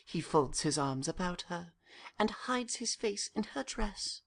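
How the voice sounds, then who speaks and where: A woman narrator calmly reading the stage directions of a play, in a measured voice. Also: fairly low pitch, gravelly.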